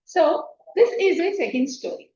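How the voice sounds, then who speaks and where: A woman telling a spiritual story as a meditation teacher, unhurried and often checking in with "right?", recorded distant and echoey on a dull, lo-fi track. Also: very high voice, expressive, warm tone.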